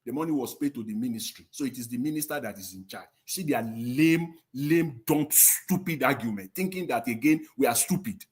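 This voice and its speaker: A man's voice: mid-range voice, lively intonation, normal speed, few pauses. A man, speaking as a panelist in a live-stream discussion, impassioned and indignant, pressing with rhetorical questions.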